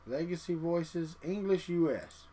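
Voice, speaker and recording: Chatty man live-streaming, slightly high voice. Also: measured pace, dark tone. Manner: chatty, muttering to himself while clicking through settings. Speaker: livestream host. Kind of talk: casual live-stream chat.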